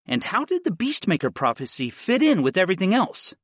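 Expressive male audiobook narrator. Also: sits high, fairly quick, breathy edge, no echo, studio quality. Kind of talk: first-person audiobook narration.

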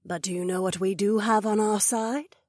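A woman voicing a proud she-wolf duchess who explains things in a measured, serious way. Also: mid-range voice, fairly even intonation, a little mellow, no echo, studio quality, close to an everyday voice. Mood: grave. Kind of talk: audiobook dialogue acting.

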